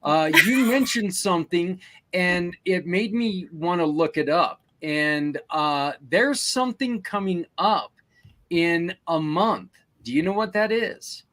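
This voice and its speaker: A man co-hosting a casual live podcast over a video call, talking in friendly, halting bursts with lots of stumbling restarts. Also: sits high, animated, pushed and bright. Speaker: podcast co-host.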